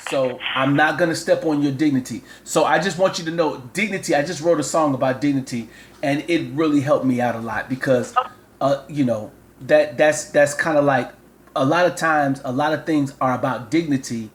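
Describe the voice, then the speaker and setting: A man's voice: fairly high pitch, normal speed. A man, a father and show host, rambling through a comic phone call and repeating himself as he lectures.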